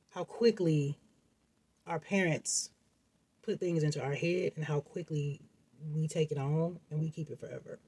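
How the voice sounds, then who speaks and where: A man's voice: on the high side, husky, dry recording. A man vlogging in a casual, rambling monologue while sitting at home making something, with many fillers and acted-out quotes.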